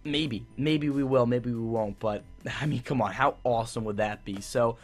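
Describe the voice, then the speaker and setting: A man's voice: mid-range voice, normal speed, faint music behind. A young man giving a casual, enthusiastic TV review that rambles, with many fillers and restarts. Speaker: YouTube TV reviewer.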